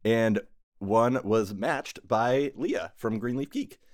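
A man's voice: medium pitch, slow pace. A man hosting a casual group podcast, rambling and correcting himself with frequent laughs. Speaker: podcast host and game master.

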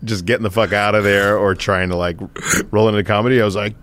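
Low-voiced man telling profane stories. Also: steady tone, fast, fairly bright tone. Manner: profane, rambling, laughs through stories. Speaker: podcast host. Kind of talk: casual storytelling chat.

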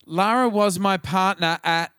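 A man's voice: high voice, measured pace, a bit bright, clean tone, dry recording, studio quality. A man with an Australian accent co-hosting a podcast, bantering in a cheeky, slangy way with lots of laughter. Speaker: podcast co-host. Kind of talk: casual banter.

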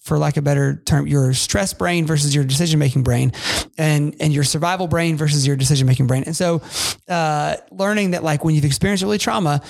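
A man's voice: fairly high pitch, fairly even intonation, a little fast, gravelly, a little mellow. A man co-hosting a parenting podcast in casual chat, rambling with frequent restarts and asides. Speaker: podcast co-host.

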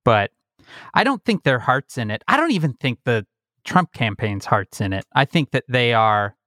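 A man's voice: mid-range voice, normal speed, no room sound. Guy cracking jokes about politics, voice bounces all over, dry close sound. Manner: animated, mocking, breaks into silly shouted impressions. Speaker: podcast co-host. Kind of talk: casual political comedy chat.

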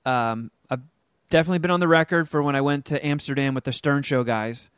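A middle-aged man casually telling a story on a podcast, animated and acting out the people he quotes. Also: fairly quick, clean tone, no room sound, clean studio sound. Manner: animated, acts out quotes with big pitch jumps.

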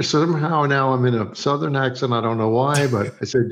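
Gravelly man telling a set story. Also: mid-range voice, moderate pace, hardly any pauses, muffled recording. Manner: acts out both sides of remembered dialogue, laughs often. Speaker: TV director, guest. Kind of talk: relaxed anecdotal storytelling.

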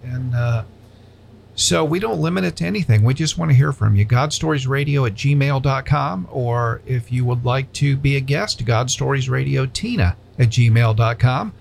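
A male radio host chats loosely and sincerely in a studio, drifting between jokes and thanks. His voice is gravelly and sits at a middling pitch. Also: moderate pace, a little hiss or hum. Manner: joking, sincere, rambling. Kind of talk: casual Christian radio chat.

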